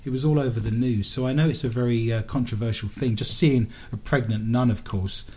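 A man's voice: medium pitch, fairly quick, dark tone, breathy edge. A man hosting a podcast quiz, talking casually and rambling with restarts. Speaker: quiz show host.

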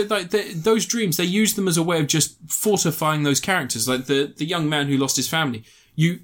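A young man talking through a film in a loose, casual chat, his voice sitting a little higher than most men's. He rambles and swears freely, laughs at his own stories, and keeps restarting sentences as he goes. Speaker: film reviewer.

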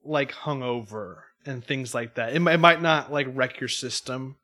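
A man's voice: medium pitch, sharp tone. A man co-hosting a casual podcast, agreeing often and adding his own comments. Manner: agreeable, chimes in often with quick affirmations. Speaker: podcast co-host. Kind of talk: casual chat.

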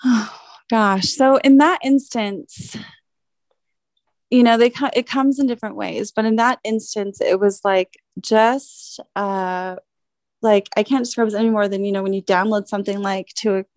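A woman guest in a casual interview conversation, speaking in a halting, reflective way and warmly affirming her host. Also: mid-range voice, fairly even intonation, no echo. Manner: halting and reflective, many fillers and restarts, warm affirmations. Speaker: interview guest and business owner.

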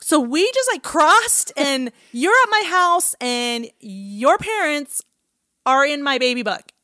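A woman's voice: sits high, sing-song, slow, pushed and bright, dry recording, studio quality. A woman telling a personal story in casual conversation, acting out quoted dialogue and often laughing. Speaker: guest telling her adoption story.

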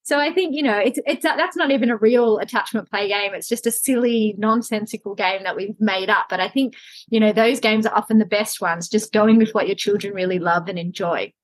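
A woman co-hosting a parenting podcast, telling animated stories and laughing often. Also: medium pitch, a little fast, no echo, low-quality recording. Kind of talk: casual conversational podcast chat.

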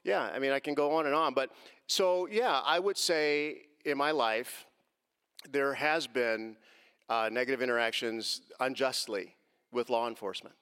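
A man in his forties speaking as an interview guest, earnest and personal. His voice sits at an ordinary pitch and carries a long reverb. He grows heated when he recounts confrontations. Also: unhurried, fairly bright tone, smooth.

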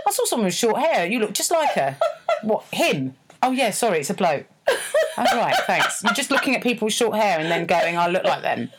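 A woman's voice: medium pitch, sing-song, a little fast, background noise. A woman co-hosting a podcast, chatting casually and self-deprecatingly, often restarting her sentences. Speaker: podcast co-host. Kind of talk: casual chat.

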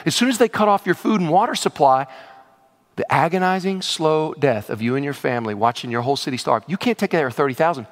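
A male pastor delivering a sermon with a bright, high voice that leaps across a wide range. He shifts from loud exclamations to hushed, low passages. The sound carries a long reverb, as in a large hall. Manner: animated, swings from loud exclamations to hushed lows.

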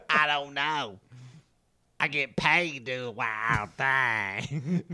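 Man doing a gravelly mock rapper; slow, bright delivery. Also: medium pitch, full character voice. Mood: joking. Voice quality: gravelly smoker-like voice. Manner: laughing between mock lyrics. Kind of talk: casual comedic chat.

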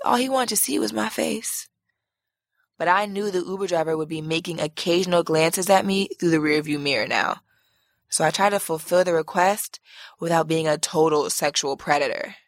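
A woman podcast host reads a listener's letter as a brash, profane story, full of sass. Her voice sits on the lower side and sounds close and dry. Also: no room sound. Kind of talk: dramatic storytelling reading.

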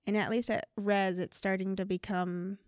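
A woman's voice: mid-range voice, little pitch movement, moderate pace, a little mellow, no room sound, studio quality. A young woman co-hosting a casual faith discussion, talking in an earnest, chatty way with plenty of casual fillers. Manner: earnest, chatty, lots of "like" and "you know". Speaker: co-host.

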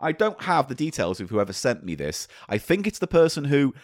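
A man's voice: mid-range voice, big pitch swings, brisk, no echo, clean studio sound. A man co-hosting a comedy podcast, teasing and laughing through casual banter. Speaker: podcast co-host.

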